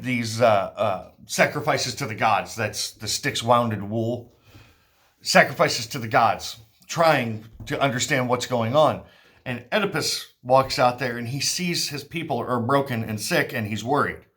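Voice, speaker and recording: A man's voice: medium pitch, a bit bright. A male teacher explains the scene of a play to his students. His voice sits in the middle range, and his delivery is casual and loose, with jokey asides.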